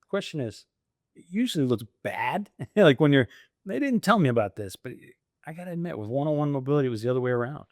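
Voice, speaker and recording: A man's voice: mid-range voice, very animated, fast, darkish tone, no echo, studio quality. A middle-aged man, a franchise owner, telling stories in casual conversation, laughing often and acting out the voices of the people he quotes. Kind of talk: conversational storytelling.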